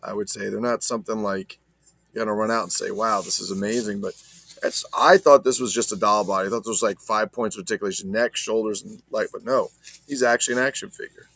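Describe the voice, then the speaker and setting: A man's voice: fairly low pitch, steady tone, fast talker, creaky, a bit bright, no echo. A man casually chatting about his toy collection, rambling and swearing as he talks to viewers. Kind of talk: casual unboxing chat.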